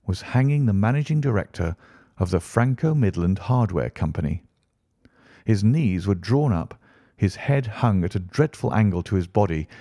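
A man narrating an audiobook in a measured, steady reading. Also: on the low side, dry recording, clean studio sound. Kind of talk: scripted narration.

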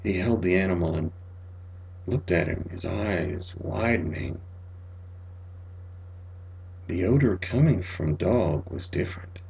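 A man reading a spooky short story aloud, dramatic, dropping to near-whispers and rising to loud cries. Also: deep voice, animated, takes it slowly, gravelly, pauses often, slight background noise, poor audio. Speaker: audiobook reader.

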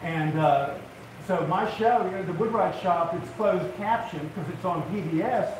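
A man's voice: high-pitched, normal speed. An older man telling funny stories as a woodworking TV host to a live audience, a folksy storyteller who gets worked up. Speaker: woodworking TV host giving a talk. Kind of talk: humorous live talk to an audience. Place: large event hall, live audience. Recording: echoey hall, distant mic, audience noise.

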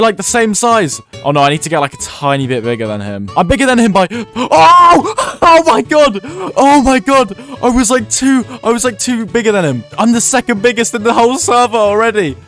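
A young man with a fairly high voice talks through his gameplay in excited, jumpy bursts. He yelps, laughs and reacts fast to every turn. Faint music plays behind him. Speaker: gaming YouTuber.

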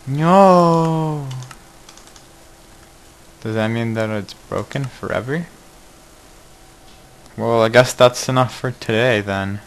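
A man's voice: fairly low pitch, steady tone, unhurried, pauses often, low-quality recording. A man hosting a casual game video, joking and exclaiming at each mishap while he plays. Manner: jokey, exclaims at mishaps, mutters asides. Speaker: gaming video host. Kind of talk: casual let's-play commentary.

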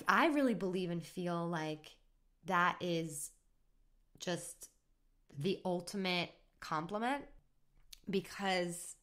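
Chatty female podcast host, lower-pitched, eager motivational coach tone. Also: a bit bright. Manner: upbeat, chatty, laughs at herself. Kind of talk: solo motivational podcast talk.

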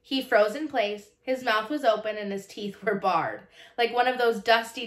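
A woman narrates a children's novel in a calm, even storybook voice that sits a little high. The reading carries a roomy echo. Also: normal speed. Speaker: audiobook narrator.

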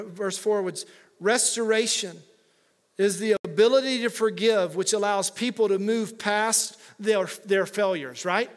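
A male pastor preaching a conversational sermon with humorous asides to his congregation. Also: high voice. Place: church sanctuary.

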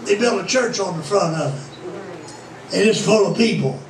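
A man's voice: sits high, expressive, unhurried, crowd noise. An older man preaching a sermon in a folksy, plain-spoken way, now and then rising to fervent exclamations. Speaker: pastor. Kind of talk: sermon storytelling. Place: church sanctuary. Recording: echoey church, distant mic, faint hiss.

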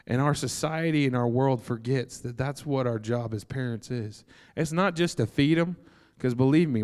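A young man preaching a sermon, animated and joking, breaking into excited shouts. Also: mid-range voice. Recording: long hall reverb.

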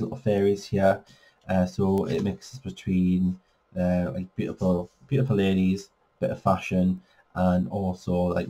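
A man's voice: deep voice, mellow. A man giving a casual flip-through review of a colouring book, chatty, with frequent fillers and self-corrections.

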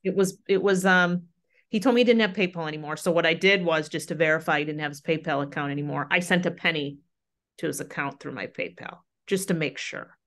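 A woman's voice: sits low, brisk, fairly bright tone. A woman guest, a grief counselor, earnestly recounting her experiences in a casual conversation. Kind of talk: casual chat.

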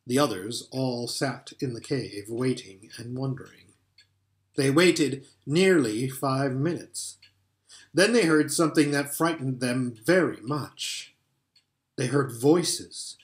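A man reading a children's storybook aloud in an expressive way, now and then stumbling and restarting a phrase. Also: medium pitch, slow pace. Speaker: audiobook reader.

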